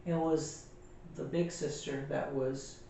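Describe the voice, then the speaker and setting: A man's voice: a little high, steady tone, slow pace, mellow, slight background noise. Man, casual movie review chat, rambling recap, lots of fillers, distant mic, echoey room. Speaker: podcast co-host.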